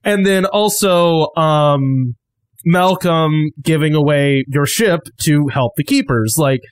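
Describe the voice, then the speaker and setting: Male game master, a little high-pitched, casual rambling talk with easy laughs, dry close mic. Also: slow pace, clear, resonant tone, no echo. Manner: laughs easily, rambling with many fillers. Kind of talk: casual podcast chat.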